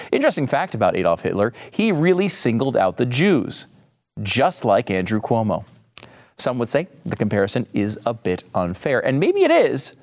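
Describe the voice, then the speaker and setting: A male host delivering a sarcastic political comedy monologue. His pitch swings widely, and he often leaps into a high, mocking voice for punchlines. The rest is mock-serious and deadpan.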